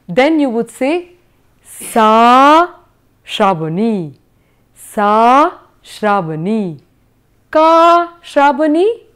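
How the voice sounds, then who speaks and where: A woman teaching a recorded Sanskrit lecture, drilling words slowly and carefully with exaggerated pronunciation and a rising tone on questions. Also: a little high.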